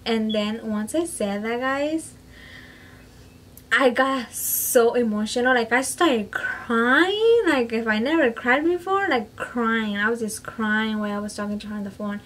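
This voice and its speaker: A woman's voice: fairly high pitch, lively intonation, measured pace, fairly bright tone, low-quality recording. A woman vlogger casually telling a personal story to camera, filling her talk with "like" and "you know" and slipping into Spanish phrases. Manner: chatty, fills speech with "like" and "you know".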